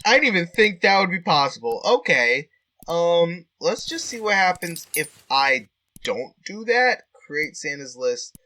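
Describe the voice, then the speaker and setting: Animated, bright-voiced man playing a game. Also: fairly high pitch, measured pace. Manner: chatty, easily amused, thinks aloud. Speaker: game player. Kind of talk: let's-play commentary and reading game text.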